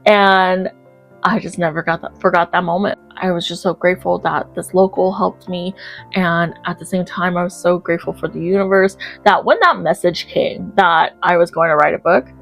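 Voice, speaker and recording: A woman narrating her own life story as an author, acting out her past reactions with lively quoted lines. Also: fairly low pitch, moderate pace, vocal fry, soft background music.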